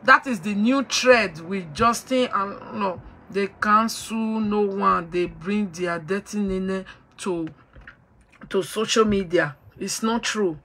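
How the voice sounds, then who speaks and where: A woman's voice: medium pitch, slow, fairly bright tone. A woman hosting a talk show, lecturing her listeners in an emphatic, preachy way and slipping into pidgin. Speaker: host.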